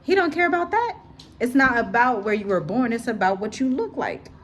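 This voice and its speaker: A woman giving casual commentary to her viewers, animated, repeating herself for emphasis. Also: fairly high pitch, brisk. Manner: animated, repetitive, talks straight to viewers. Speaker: vlogger. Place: abroad, home setting.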